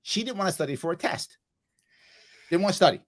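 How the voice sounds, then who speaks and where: A middle-aged man hosting a casual chat, telling parenting stories and acting out quoted lines with loud, animated swings. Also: sits high, brisk. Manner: animated storyteller, acts out quoted lines loudly. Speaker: host.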